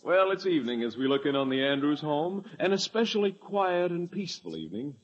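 Male radio announcer, theatrical, booming, husky, lively, 1940s style, dull recording. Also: fairly quick.

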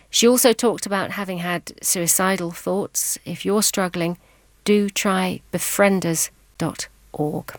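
Lady radio host, lowish gravelly voice, calm questions, dry close mic. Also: dry recording. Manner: measured, prompting questions. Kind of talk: radio interview hosting.

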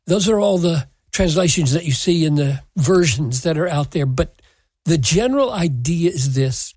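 Husky, unhurried Bible teacher; deliberate, emphatic delivery that quotes scripture verbatim. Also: mid-range voice, lively intonation, a little mellow, no echo. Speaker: Bible teacher answering a listener question.

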